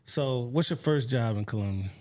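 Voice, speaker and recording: A man hosting a relaxed interview, asking questions and adding short replies. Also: medium pitch, normal speed. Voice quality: relaxed, many short backchannels. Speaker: podcast host. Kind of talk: casual interview chat.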